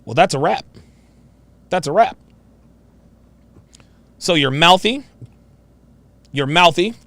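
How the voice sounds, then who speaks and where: A man's voice: fairly high pitch, animated, slow, a bit bright. A man giving mocking, emphatic reaction commentary on a played clip.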